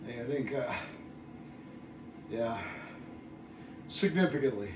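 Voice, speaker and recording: Groaning and muttering between sets, a man in his sixties counts reps out loud for his workout vlog, winded as he goes. His medium-pitched voice is animated yet slow. The distant phone camera captures an echoey room with noise in the background.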